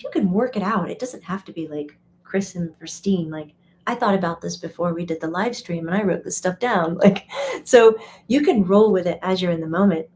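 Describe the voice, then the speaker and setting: A woman's voice: mid-range voice, a little mellow, slight background noise. Chatty woman on a live stream. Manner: chatty, acts out quoted voices, laughs often. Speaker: medium and teacher. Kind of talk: casual live stream talk. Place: home or studio, live stream.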